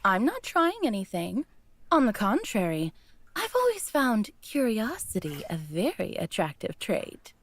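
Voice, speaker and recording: A woman's voice: medium pitch, wildly swooping pitch, a little slow, dry recording, heavily acted. A woman voicing a coy, manipulative woman who talks down to others with a magic voice. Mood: teasing. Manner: coy, purring, condescending. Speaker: voice actor reading a character.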